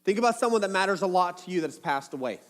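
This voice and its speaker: High-voiced pastor preaching in a reverberant hall. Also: male voice, animated, racing. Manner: casual, playful storytelling with acted asides. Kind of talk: sermon.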